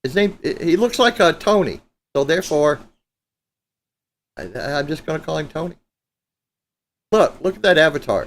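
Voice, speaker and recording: A man's voice: on the high side, big pitch swings, normal speed, long pauses. A man hosting a live guitar stream, chatting loosely and joking with viewers, with a few profane asides. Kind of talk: casual live-stream chat. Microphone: streaming setup mic.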